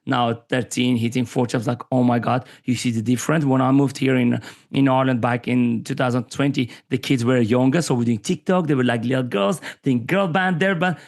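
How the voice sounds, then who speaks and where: A man's voice: medium pitch, brisk, vocal fry. A man from Armenia in his forties, a podcast guest talking candidly and acting out the voices of people he quotes. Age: 40s. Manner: animated storyteller who acts out quoted voices. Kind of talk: candid conversational interview.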